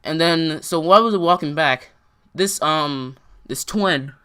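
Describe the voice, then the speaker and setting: A young man tells a story to his viewers, rambling and circling back with constant filler words. His voice is bright and forward, and the talk is loose and unscripted. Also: a little high, a little slow, smooth. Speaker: vlogger. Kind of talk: casual storytime.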